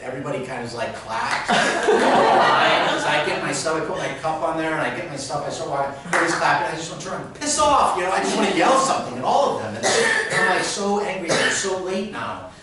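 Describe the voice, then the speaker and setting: Animated man telling a story in a big echoey room. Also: brisk. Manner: animated, acts out voices in quotes. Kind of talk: live comic storytelling. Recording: very echoey room, mic at a distance, rumbling noise.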